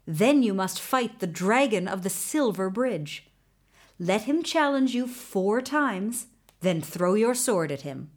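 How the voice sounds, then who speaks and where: A woman voicing a calm, commanding magical male horse in a storybook reading, giving steady instructions. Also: mid-range voice, slow. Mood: calm guiding.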